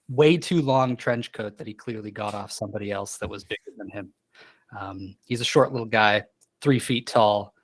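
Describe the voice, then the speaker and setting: Man, player, describes character, casual halting talk, mid pitch.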